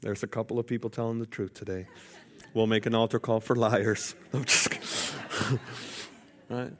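A man's voice: mid-range voice, normal speed. A man preaching a sermon, telling a personal story with playful jokes to the congregation. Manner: lively, jokey asides to the congregation. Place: church sanctuary.

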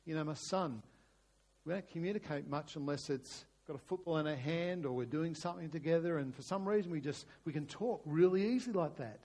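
A middle-aged man preaching a conversational sermon, restarting phrases often and sometimes dropping to a hushed, prayerful tone. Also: a little high, brisk. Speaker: pastor.

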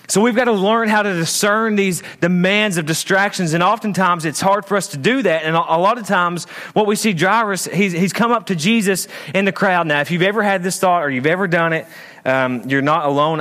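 Pastor guy preaching in church, kinda high voice, goes big then drops low. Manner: lively, swings between raised emphatic lines and low asides. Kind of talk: sermon.

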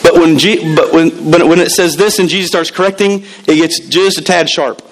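A man's voice: a little high, moderate pace, rough recording. A man preaching a sermon as pastor, emphatic and repeating key words, acting out the voices he quotes.

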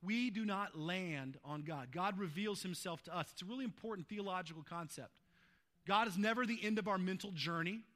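A male pastor preaching a sermon, swinging between hushed, slow lines and loud, fervent passages. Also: sits high.

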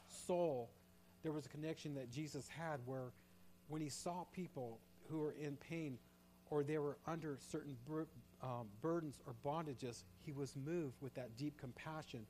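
Male pastor, slightly higher voice, preaching with fervent swings from hushed to loud. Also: normal speed, slight background noise. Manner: shifts from quiet reflective to loud impassioned pleading. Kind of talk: sermon.

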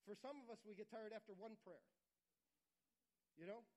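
A man preaching a sermon, earnest and repetitive, sometimes dropping to a quiet, intimate tone. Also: high-pitched, moderate pace, poor audio. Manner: earnest, repeats phrases for emphasis, drops to quiet intimate tones. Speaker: pastor.

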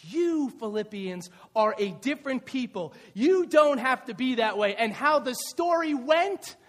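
A middle-aged male pastor preaching a lively sermon, shouting at the peaks and joking in playful asides. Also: very high-pitched, measured pace. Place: church. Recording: reverberant church hall.

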